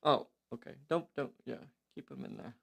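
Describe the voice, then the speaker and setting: Playful male game host, gravelly voice, announcer-style roll calls, indoor room. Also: medium pitch, normal speed. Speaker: host running a tabletop game. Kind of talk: live game show banter.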